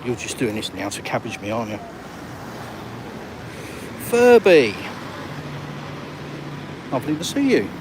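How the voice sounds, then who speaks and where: A man's voice: on the low side, expressive, rapid-fire, hardly any pauses. A retired man from England with an English accent, chatting on a live-streamed walk outdoors and reading out viewer comments in a matey way. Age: older. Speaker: vlogger. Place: outdoors by water in a town. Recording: outdoor traffic noise.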